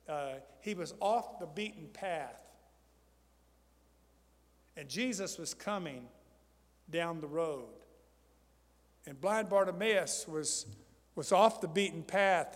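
A man preaching a sermon, repeating phrases, calling out to his congregation and building to loud, fervent emphasis. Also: a little high, long reverb tail. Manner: calls out to the congregation for responses.

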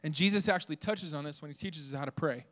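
A young man from the southern United States preaching a lively sermon, joking with the congregation and shouting for emphasis. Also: on the high side, fast. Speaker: pastor.

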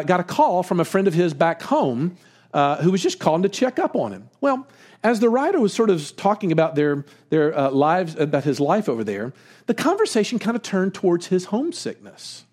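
Guy preaching a sermon, high voice, swoops up and down a lot. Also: a little fast. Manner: animated preaching, pitch swings for emphasis, chuckles. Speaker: pastor.

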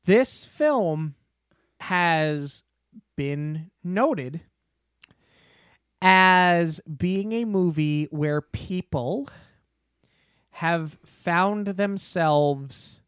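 Male podcast co-host, unhurried and deliberate, close dry mic, amused storyteller. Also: a little high, animated, a bit bright, clean tone, no echo. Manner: slow, deliberate build-ups with playful disbelief. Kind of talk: casual podcast chat. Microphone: podcast microphone.

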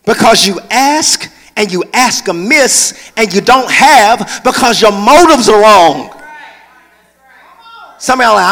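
A man preaching a sermon from the pulpit of a large church, moving between conversational talk and loud hollering. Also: sits high, animated, a little slow, big-room sound. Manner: preaching, shifts into hollering whoops. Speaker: pastor.

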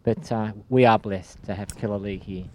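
A parkrun organiser, a man, interviewed in a measured, hesitant way. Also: lowish voice, fairly even intonation, a little mellow, a little hiss or hum.

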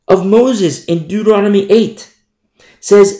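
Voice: medium pitch, normal speed, dark tone, echoey room. A preacher teaching a Bible study sermon in an emphatic, repetitive way, raising the voice to stress points.

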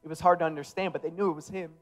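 A male pastor preaching a sermon in a casual, emphatic way that builds to loud passion. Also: fairly high pitch, fairly even intonation, racing, soft background music.

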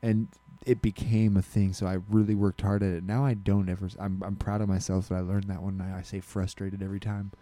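A man's voice: deep voice, flat delivery, brisk, few pauses, mellow. A man co-hosting a podcast, chatting casually and telling a rambling story full of restarts and self-corrections. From Alaska. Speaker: podcast co-host. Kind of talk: casual chat.

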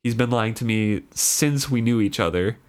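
A man's voice: medium pitch, moderate pace. A man reading a fantasy novel aloud, then retelling the scenes in a loose, casual way with plenty of fillers. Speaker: podcast host reading and discussing a novel.

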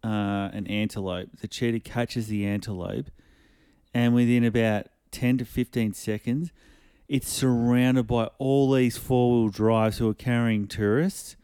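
Man, podcast co-host, mid pitch, clear and dry, casual and profane. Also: fairly even intonation, mellow, no echo. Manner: rambling, swears freely, quick laughs. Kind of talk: casual chat.

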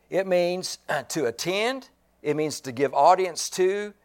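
A male pastor preaching a sermon, slow and emphatic, repeating key phrases and clearing his throat now and then. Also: high voice, lively intonation.

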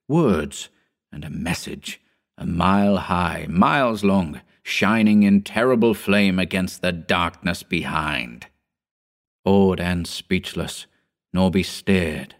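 A man with a deep, low voice narrates a pulp story as an audiobook. His telling is measured and dramatic, building steadily through long descriptive sentences.

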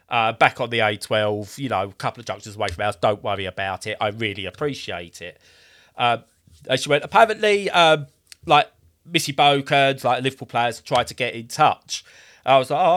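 Man, thirties, casual rambling story, acts out quotes, medium pitch. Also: a bit bright.

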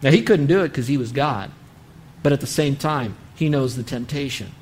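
A man's voice: medium pitch, normal speed, a little mellow, slight background noise. A man preaching a sermon on parenting, earnestly acting out what a parent might say. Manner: earnest, acts out parent-child dialogue. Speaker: pastor.

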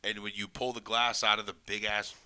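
A man's voice: lowish voice, little pitch movement, a little fast, pushed and bright, smooth. A man co-hosting a casual podcast, laid-back and profane, often trailing off mid-sentence. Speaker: podcast co-host. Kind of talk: casual chat.

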